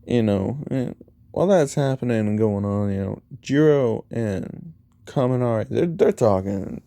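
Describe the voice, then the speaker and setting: Telling a fan-made story in a loose, rambling way, a man relays every line of dialogue using "he's like" and "you know." His fairly low voice is expressive and warm, with vocal fry and a measured pace, recorded without room sound.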